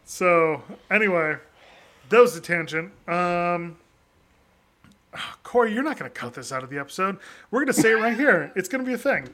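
A man with a high, very bright voice, chatting casually as a podcast co-host. He rambles through his stories, restarting sentences and laughing often. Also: expressive, normal speed. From New England.

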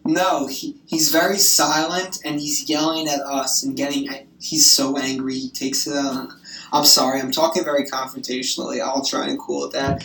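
Young woman, animated, profane, gossipy, echoey room, off-mic. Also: rumbling low, moderate pace, gravelly, slight background noise. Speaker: grandchild on the phone. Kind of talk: casual phone chat. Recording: roomy echo, distant from the mic.

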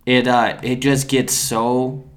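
A man's voice: mid-range voice, little pitch movement, takes it slowly. A man in casual podcast chat who talks loosely with lots of fillers and casual swearing.

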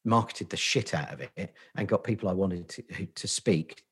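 A man's voice: low voice, normal speed, slightly rough. A man with a Portsmouth accent, a guest on a podcast, chatting casually with sweary, self-mocking banter. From Portsmouth, England. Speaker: guest, marketing agency founder.

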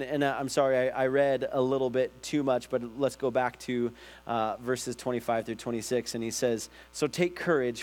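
A man, a pastor, giving a casual, conversational sermon and acting out his own stories with lively energy. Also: mid-range voice.

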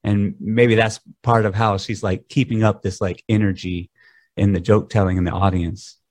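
A man's voice: on the low side, level tone, moderate pace, darkish tone, no echo. A man co-hosting a casual chat, reflective and a bit hesitant. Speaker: podcast co-host. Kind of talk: casual discussion.

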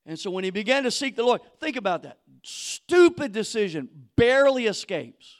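A man preaching a sermon in casual slang, acting out quoted voices and building to fiery shouts. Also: high voice, sing-song, moderate pace. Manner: casual street slang, acts out quoted people. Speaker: pastor.

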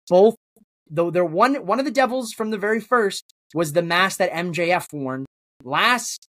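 A man's voice: fairly high pitch, a bit bright, dry recording. A man guesting on a wrestling podcast, rambling through theories in casual chat, with lots of restarts.

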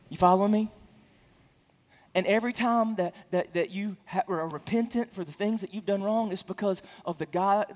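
A man preaching a sermon as a pastor, speaking earnestly with frequent restarts and stammered repeats, and getting louder for emphasis. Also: in a large hall. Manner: rises in pitch and volume for emphasis.

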